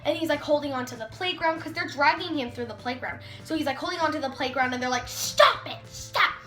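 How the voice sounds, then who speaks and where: Speaking fast with a fairly bright tone, a high-voiced teenage girl vlogs a casual story. Her delivery is chatty and packed with "like," and she acts out what people said. The recording has room echo and faint music.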